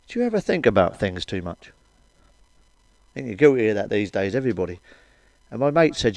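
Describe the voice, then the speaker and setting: A man's voice: fairly high pitch, darkish tone, dry recording. Man, middle-aged, crude stand-up comedian, heavy swearing, laughs at own jokes, dry close sound. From Wales. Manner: swears constantly, keeps asking "you know what I mean", laughs at his own jokes. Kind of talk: crude stand-up joke telling.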